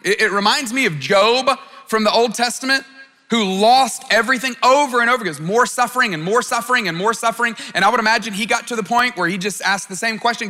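A man's voice: extremely high pitch, fast, sharp tone, big-room sound. A man preaching a sermon in an earnest tone, who often stammers and repeats words as he restarts a phrase. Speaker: pastor.

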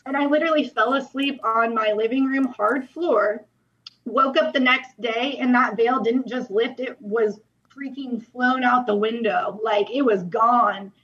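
A woman's voice: on the high side, a little slow, a bit bright, dull audio. A young woman telling her personal testimony as a podcast guest, earnest and emotional, with many "like" fillers.

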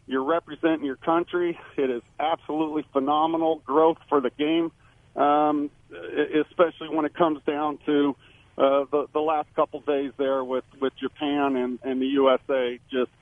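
A former ballplayer calling in as a radio guest, talking emphatically and rambling with frequent restarts. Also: male voice, a little high, no echo. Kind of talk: sports radio call-in analysis. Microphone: phone. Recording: tinny phone line.

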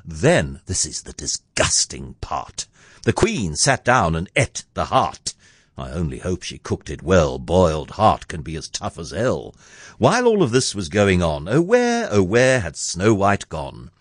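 A man's voice: deep voice, big pitch swings, measured pace, husky, dry recording, clean studio sound. A man reading a comic storybook poem aloud, playful and sardonic. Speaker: narrator.

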